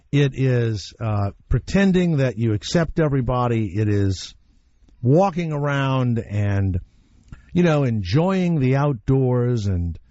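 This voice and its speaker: Heard on a lo-fi recording with no room sound, a man with a mid-range voice hosts casual talk radio. He's opinionated and animated as he tells stories, cursing bluntly along the way.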